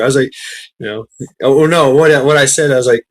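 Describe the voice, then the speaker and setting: A man's voice: medium pitch, steady tone, fairly quick, a bit bright, poor audio. A man hosting a livestream, telling a casual rambling story, laughing often and swearing freely. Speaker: livestream host.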